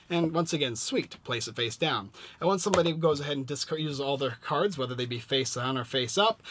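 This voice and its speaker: A man casually reviewing a board game and walking through its rules, lively and playful as he demonstrates. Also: on the high side, no room sound.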